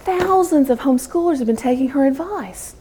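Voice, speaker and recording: Her voice sits high and moves a little fast. She's a middle-aged American telling lively homeschooling stories to a live audience, acting out what people said.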